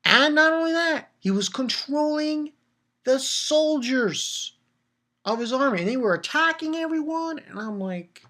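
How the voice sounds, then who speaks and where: A man talks through a comic chapter in a casual solo review. His voice is bright and a little sharp. He rambles in an animated way, cursing freely and breaking off mid-sentence to start again. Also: very high voice, a little slow. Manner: animated rambling with frequent swearing and restarts. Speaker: manga reviewer.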